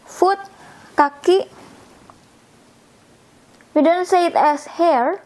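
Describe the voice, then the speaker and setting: Slow, high-voiced Indonesian-accented woman teaching. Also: a little mellow, low-quality recording. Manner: slow, patient explaining, pointing at body parts. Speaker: language teacher. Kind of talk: casual video lesson.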